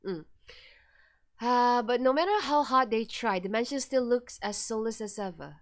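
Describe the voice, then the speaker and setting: Bubbly high-voiced woman streamer. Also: measured pace. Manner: playful, chatty asides, giggles, tries a British accent. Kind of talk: reading a horror visual novel aloud with commentary.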